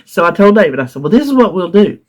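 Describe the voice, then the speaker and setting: A woman's voice: on the low side, big pitch swings, quick pace, darkish tone. A woman from North Carolina with a Southern US accent, casually telling a long story in her vlog, laughing often as she recounts her frustration. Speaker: vlogger.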